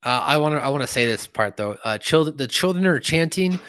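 Man, podcast host, casual chat, animated recapping, lively intonation. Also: fairly quick, dry recording. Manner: animated episode recapping with lively pitch swings.

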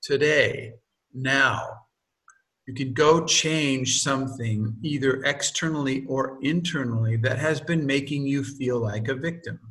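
Man, author reading own book aloud, digressive asides, mid pitch, distant mic. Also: a little slow, fairly bright tone. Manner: digressive, stops to explain with homely examples and jokes.

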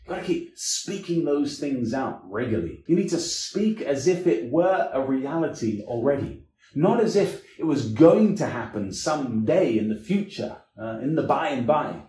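A man's voice: medium pitch, expressive, normal speed, dark tone, reverberant. A man preaching a sermon as an evangelist, with emphatic delivery that rises and drops in sweeping waves.

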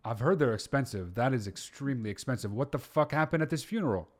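Stunned podcast host asking questions. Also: male voice, medium pitch, lively intonation, fast. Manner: reacting with stunned interjections, swearing casually. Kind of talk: casual interview.

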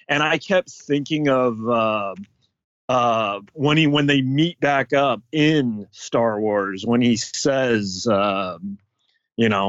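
A man co-hosting a casual fan chat, excitedly retelling scenes with lots of "like". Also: mid-range voice, slow pace, dry recording. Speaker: podcast co-host. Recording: dull dry sound.

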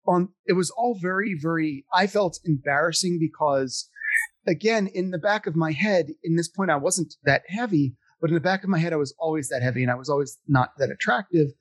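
A man with a slightly raised pitch talks casually about his community theater years. He is self-deprecating and lively, and he slips into other people's voices when he quotes them. The recording is dry and close, with no room sound. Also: fairly quick, no room sound. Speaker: actor telling stories. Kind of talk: casual storytelling chat.

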